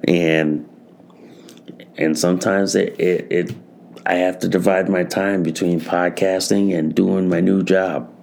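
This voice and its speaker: A man's voice: sits low, level tone, slow, creaky, a little mellow. A man hosting a solo podcast, talking to his listeners as "guys" and repeating his phrases with lots of swearing. He sounds tired. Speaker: podcast host.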